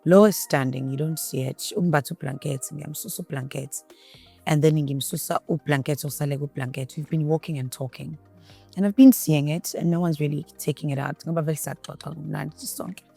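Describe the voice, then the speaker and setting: A woman's voice: deep voice, fairly quick, gravelly, husky, soft background music. A South African woman giving a candid interview, switching between English and Zulu and acting out what others said. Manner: animated retelling, acts out quotes. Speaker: guest.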